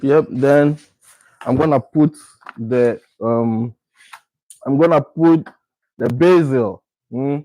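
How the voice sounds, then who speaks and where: A man's voice: medium pitch, warm tone, no room sound, low-quality recording. A man from Ghana talking casually through a home cooking video, repeating his words as he works. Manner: repetitive, unhurried, talks while working. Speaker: cooking vlogger.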